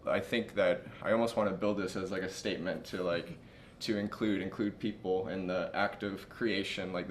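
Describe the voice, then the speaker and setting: A man's voice: low voice, a bit bright, a little hiss or hum. A young man working as a project manager who talks casually and rambles with lots of fillers and restarts. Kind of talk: casual talk.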